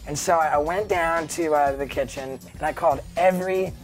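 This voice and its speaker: A man in his thirties telling stories in a casual interview, rambling and filling every pause with "like" and "you know.". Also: fairly high pitch, faint music behind. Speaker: guest.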